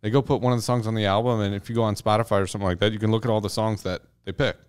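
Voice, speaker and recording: Fast-talking wry podcast man. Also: fairly low pitch, level tone, darkish tone, clean tone. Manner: quick, wry, offhand. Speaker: podcast co-host. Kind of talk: casual chat.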